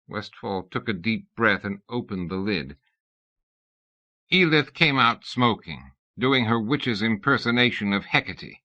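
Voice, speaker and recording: A male narrator reads a comic fantasy novel with a lively, swinging delivery and a bright, clear edge on a low voice. The recording is dull and lo-fi, like an old 1990s audiobook tape. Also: measured pace. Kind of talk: scripted narration.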